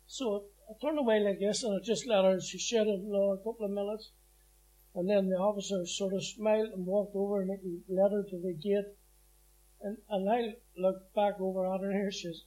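A man's voice: high voice, fairly even intonation, moderate pace, a little mellow, poor audio. A middle-aged man giving a plain-spoken personal testimony, acting out the voices in his story. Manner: plain-spoken, vivid, acts out quotes. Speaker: former prisoner giving testimony.

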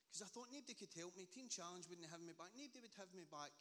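A Scottish man in early adulthood pours out an impassioned faith testimony, stumbling over his words as he pushes forward. His voice sits a touch high and rings out bright and forceful, with a long reverb trailing off the walls of a big hall. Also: lively intonation, fast talker. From Scotland. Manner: fervent, emphatic, with frequent stammered restarts. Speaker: ministry support worker giving testimony.

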